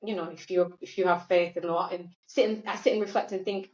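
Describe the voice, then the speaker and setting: A woman's voice: lowish voice, steady tone, a little mellow. Reflective woman guest, roomy dull sound. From Tanzania. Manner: reflective, halting, restarts often. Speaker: podcast guest. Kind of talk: casual podcast chat.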